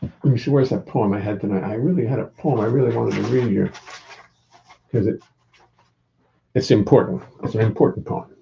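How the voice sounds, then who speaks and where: Gravelly older man, rambling wry chat. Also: fairly low pitch, moderate pace, pauses often, dark tone, highs cut off, slight background noise. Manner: rambling, wry, greets viewers by name. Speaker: musician hosting a home livestream. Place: his home.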